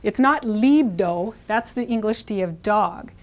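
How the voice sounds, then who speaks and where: A woman teaching a language lesson, patiently repeating words slowly and clearly, writing on a board as she goes. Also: mid-range voice. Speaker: Spanish teacher. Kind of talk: classroom pronunciation lesson.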